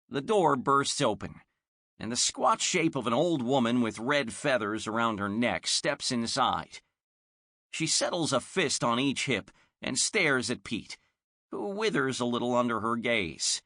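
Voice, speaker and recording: A man narrating a children's audiobook in an expressive storytelling manner. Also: mid-range voice, unhurried, no room sound, clean studio sound. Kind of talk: scripted narration.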